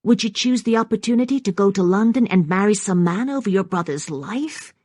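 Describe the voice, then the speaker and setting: A woman voicing a determined young gentlewoman who speaks earnestly and forcefully. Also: medium pitch, expressive, a little fast, dry recording, studio quality, voice pushed up, natural voice.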